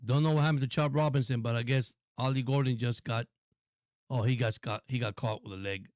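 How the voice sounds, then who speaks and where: A man hosting a live stream and calling football play-by-play in an excitable, repetitive way, often addressing viewers. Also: medium pitch, fairly quick, dry recording. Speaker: host and play-by-play caller.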